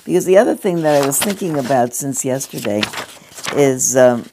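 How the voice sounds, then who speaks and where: An older woman with a strikingly deep voice speaks to a gathering. She muses and digresses, and often slips into chatty asides. The tone is reflective and unhurried. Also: animated, noisy background. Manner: rambling, digressive, with conversational asides. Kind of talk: reflective spoken address.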